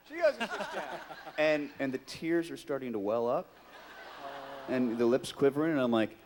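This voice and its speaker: Animated man telling a story in a hall. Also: fairly high pitch, quick pace. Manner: animated, mimics voices in his anecdote. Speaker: convention guest actor. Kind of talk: storytelling to a convention audience. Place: large convention hall. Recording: long hall reverb.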